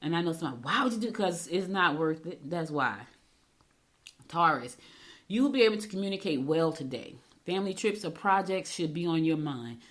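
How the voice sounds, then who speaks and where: A middle-aged woman hosting a horoscope segment, giving chatty advice and telling quick storytelling asides. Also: deep voice. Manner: talks fast when excited. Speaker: radio show host. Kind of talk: casual horoscope segment with chat.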